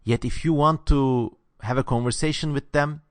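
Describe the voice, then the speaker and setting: A man's voice: medium pitch, moderate pace, no room sound. Man with a Southeastern European accent. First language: not English. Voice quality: sharp sibilant consonants. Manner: opinionated, lively. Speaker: channel host answering viewer questions. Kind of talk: casual Q&A monologue.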